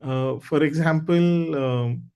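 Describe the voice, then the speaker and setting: A man's voice: a little high, takes it slowly, creaky, a little mellow, clear, resonant tone. Man hosting a club meeting. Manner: loose, conversational, encouraging. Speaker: meeting host leading a speaking exercise. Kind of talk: casual online club meeting.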